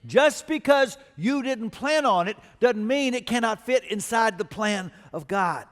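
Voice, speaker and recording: A man's voice: very high voice, lively intonation, a little slow. A male pastor preaching a sermon in a large church auditorium, telling stories and building to emphatic calls to action. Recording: long reverb of a large church hall.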